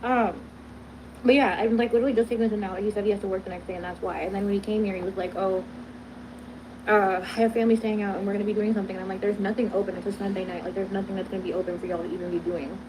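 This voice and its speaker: A woman's voice: medium pitch, level tone, rapid-fire. A young woman recounting a text exchange in casual, exasperated storytelling. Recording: noisy background in the clip.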